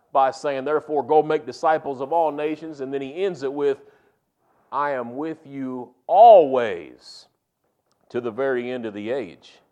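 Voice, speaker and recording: A man preaching a sermon in a folksy, emphatic way that builds to loud, punchy climaxes. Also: medium pitch.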